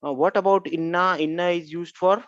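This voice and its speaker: A man's voice: high-pitched, steady tone, brisk, a bit bright, no echo, muffled recording. A man teaching an Arabic grammar class online, questioning students and repeating key phrases.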